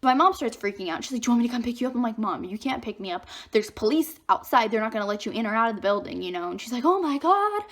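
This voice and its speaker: A woman's voice: fairly high pitch, rapid-fire, few pauses. A teenage girl telling a dramatic school story in a chatty storytime vlog, acting out what others said. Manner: chatty, animated retelling with acted-out quotes. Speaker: vlogger.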